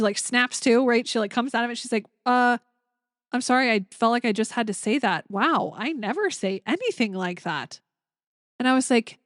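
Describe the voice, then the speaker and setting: A young adult woman hosting a spiritual podcast, talking gently and earnestly with lots of fillers as she tells stories. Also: a little high, no echo, studio quality. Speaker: podcast host. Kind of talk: casual spiritual podcast monologue.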